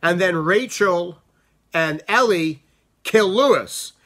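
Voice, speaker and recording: A man giving a casual spoken review of a film, talking in an animated, rambling way with frequent restarts. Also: high voice, takes it slowly. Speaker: book and movie reviewer.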